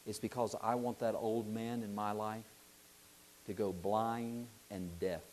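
A middle-aged man preaching a sermon, telling a lively story, acting out voices and asking his listeners questions. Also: lowish voice, unhurried, a little hiss or hum.

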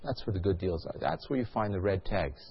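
A man's voice: low voice, expressive, a little fast, breathy edge, lo-fi sound. A male pastor delivering a sermon, telling a story and asking the congregation questions.

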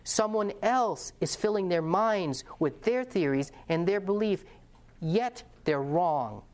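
A man's voice: high voice, animated, slow pace, darkish tone. Passionate, earnest male preacher. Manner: passionate, earnest, asks the audience questions; conversational storytelling with restarts. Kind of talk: sermon-style lesson to a congregation.

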